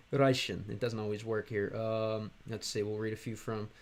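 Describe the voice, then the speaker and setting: A young American man chatting on a live stream, reading chat aloud and working through halting Russian with lots of fillers. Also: fairly low pitch, steady tone. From United States.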